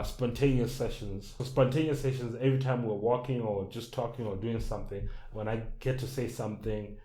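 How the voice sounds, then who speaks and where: A man's voice: on the low side, a little mellow, roomy sound. A man who writes songs, talking casually to camera in a loose, rambling way. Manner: loose, rambling, hums and sings melody ideas. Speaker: songwriter.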